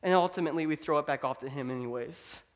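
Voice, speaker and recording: High-voiced man preaching a sermon. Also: fast. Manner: emphatic, conversational preaching. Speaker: pastor. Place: church.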